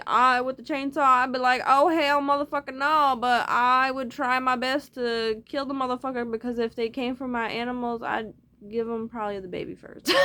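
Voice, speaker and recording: A woman's voice: a little high, pushed and bright. A woman talking straight to her viewers in a loose, rambling monologue, swearing freely as she goes. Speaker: vlogger.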